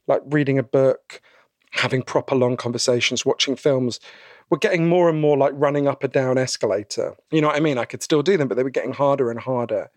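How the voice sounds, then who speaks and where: A man being interviewed about his book, telling stories in a lively conversational way and acting out the voices he quotes. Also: mid-range voice, dry recording, clean studio sound. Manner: animated storyteller, acts out quoted voices, frequent "right?".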